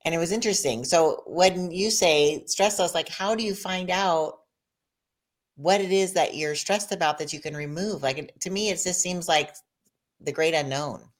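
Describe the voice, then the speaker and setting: Woman, interview host, low pitch, animated storytelling, quick reactions. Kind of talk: conversational interview.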